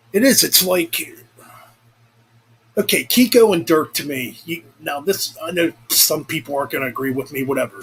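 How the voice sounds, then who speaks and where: A young man's slightly high, somewhat bright voice with a breathy edge comes through poor audio. He's rambling in casual vlog chat, profane and self-correcting throughout.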